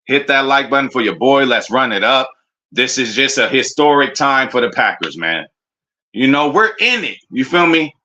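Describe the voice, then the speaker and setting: A man streaming a casual, excitable reaction to his football team's draft picks, full of slang and talking straight to his chat. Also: mid-range voice, normal speed. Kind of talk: casual live reaction commentary.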